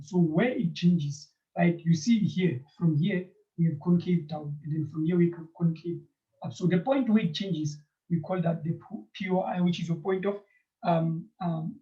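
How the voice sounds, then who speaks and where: A man teaching a math lesson, speaking straight to his students, often checking in with "right?" and filling pauses with "um". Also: sits high, dark tone. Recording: dull lo-fi recording.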